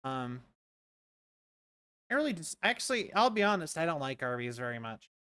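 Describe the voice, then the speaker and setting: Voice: mid-range voice, big pitch swings, normal speed, pushed and bright, clean tone, dry recording. A streamer chatting casually and rambling while playing a game at a home setup. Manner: rambling, joking aside-talk. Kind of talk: casual gameplay chat.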